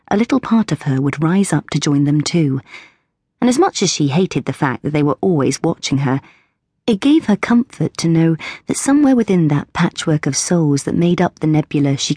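A woman with a low, husky voice reads an audiobook in a steady, measured manner. She is recorded close on a studio microphone in a dry booth. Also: no room sound. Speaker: audiobook narrator. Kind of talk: scripted audiobook narration.

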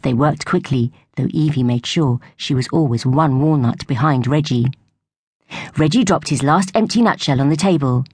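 A woman narrating a storybook for young children in a gentle, even way. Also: very deep voice, normal speed, husky, dry recording, studio quality. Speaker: audiobook narrator.

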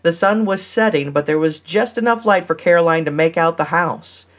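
A woman's voice: on the low side, moderate pace. Woman narrating an audiobook steadily. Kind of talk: scripted narration.

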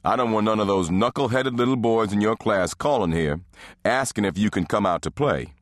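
A man voicing a gruff, bantering husband and father in an audiobook, grumbling in a dry way. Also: lowish voice, fairly quick, dry recording, lightly acted.

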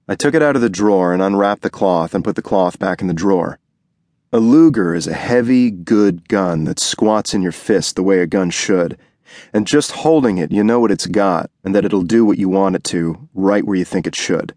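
A man's voice: low-pitched, moderate pace, darkish tone, no echo, clean studio sound. A man narrating a first-person hardboiled noir audiobook in a terse, world-weary manner. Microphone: close studio mic.

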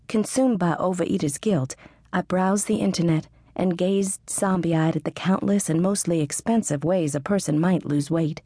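A woman's voice: on the low side, warm tone, husky, no room sound, clean studio sound. A woman reading a first-person audiobook narration in a wry, sarcastic manner. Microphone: studio close mic.

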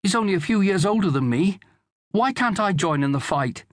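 A man voicing an eager young boy who pleads to join his father in battle, in a lively audiobook reading. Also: high voice, normal speed, no room sound, clean studio sound, voice pushed up.

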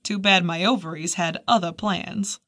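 A booming, blunt female shrink with a broad New England accent, as a woman narrator puts her on. She talks loud and crude, cracking jokes in a voice pitched well above the reader's own. It is an audiobook reading. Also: normal speed. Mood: brash joking. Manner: blunt, bawdy, wisecracking. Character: brash middle-aged female psychiatrist friend.

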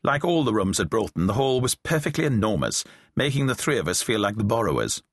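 With a lowish, very animated voice and a fairly quick pace, a middle-aged narrator reads a novel aloud, lightly voicing the characters. The storytelling is dry and wry. Recorded close on a studio mic in a dry booth, there's no room sound.

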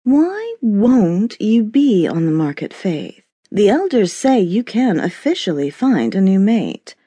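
A woman narrator voicing a sultry, teasing middle-aged woman friend in an audiobook, speaking low and slow. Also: big pitch swings, mellow, husky, dry recording, heavily acted. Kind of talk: audiobook character voice.

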